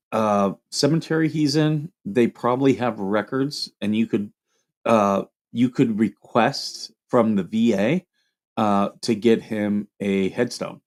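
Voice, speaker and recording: A man's voice: medium pitch, a little mellow. A man hosting a casual livestream, reading viewer questions aloud and answering them in a loose, rambling way.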